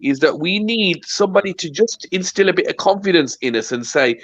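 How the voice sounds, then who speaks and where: A man's voice: high-pitched, lively intonation, brisk, few pauses, a bit bright, dry recording. A man on a call to a live stream, talking in an earnest, slangy, persuasive way. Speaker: guest on stream. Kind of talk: casual chat over a call. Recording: dull, dry lo-fi call audio.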